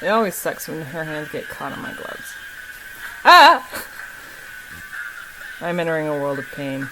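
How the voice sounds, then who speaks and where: A woman's voice: low voice, fairly even intonation, fairly quick, noisy background. A woman filming her cats at home, playfully teasing them and meowing at them in a casual home video. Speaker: cat owner filming her pets.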